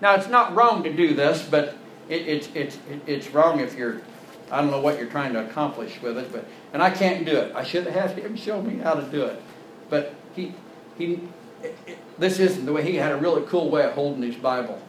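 Male pastor, sermon delivery, slightly high voice, faint noise under the recording. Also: animated, a little fast, fairly bright tone. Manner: conversational preaching, rising to emphatic.

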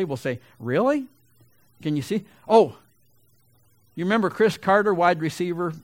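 A middle-aged man preaching a sermon, his high voice turning loud and emphatic as he builds each point. There is a slightly gravelly edge to his delivery, and the sound is close and dry with little room around it. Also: lively intonation, normal speed, no room sound. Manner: loud, emphatic preaching that swells to big peaks. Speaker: pastor.

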